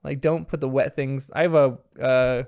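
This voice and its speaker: A man's voice: mid-range voice, steady tone, normal speed, darkish tone, clean tone. A man casually recapping a cartoon episode in a chatty, rambling way, with lots of filler words. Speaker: show recapper.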